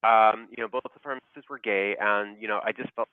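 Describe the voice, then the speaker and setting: A man with a fairly low, clear, resonant voice and a steady tone comes through a tinny, phone-style connection that's dry, close and free of room sound. He's a pharmacist being casually interviewed, recounting his story haltingly with piled-up fillers and restarts and laughing at the funny bits.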